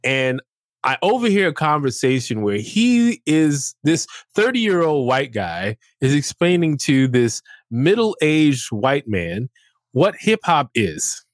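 A man in his fifties telling a story casually, animated and acting out what others said. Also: mid-range voice, takes it slowly, dry recording, studio quality. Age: 50s.

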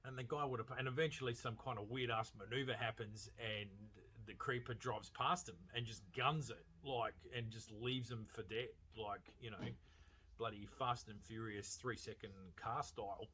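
A man giving a casual, animated movie review, swearing freely and laughing as he retells scenes. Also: medium pitch, normal speed, husky. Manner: animated, profane, laughing storyteller. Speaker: film reviewer.

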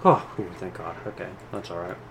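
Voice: low voice, a little fast, gravelly, background noise. A player in a casual tabletop game, talking hesitantly with many fillers, joking and swearing.

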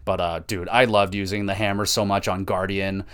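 A man's voice: sits low, flat delivery, normal speed, a bit bright, clear, resonant tone. A young man hosting a gaming podcast alone, rambling enthusiastically and swearing a lot. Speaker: podcast host. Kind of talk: casual solo gaming podcast rant.

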